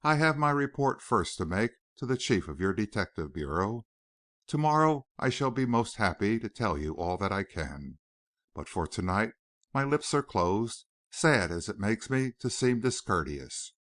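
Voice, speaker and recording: Man doing a polite French detective, faint French accent, slow formal speech, lively pitch, dry close sound. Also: no room sound. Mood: courteous. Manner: courteous, formal, speaks slowly. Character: polite middle-aged male French detective.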